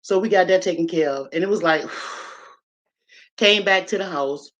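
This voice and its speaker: A woman's voice: lowish voice, moderate pace, low-quality recording. A woman telling a story casually on a live stream from her home, talking straight to her viewers, chatty and swearing freely. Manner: chatty, profane, addresses viewers as y'all. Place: at home, moving from kitchen to living room. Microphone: laptop on a live stream.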